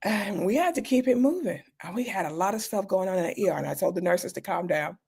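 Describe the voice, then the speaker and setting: A woman's voice: medium pitch, expressive, fast talker, creaky, a little mellow, slightly rough. A woman in her fifties, a doctor guest telling frank stories in an interview, with a conversational, dryly humorous manner. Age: 50s. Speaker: guest, emergency doctor and speaker. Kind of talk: candid interview storytelling.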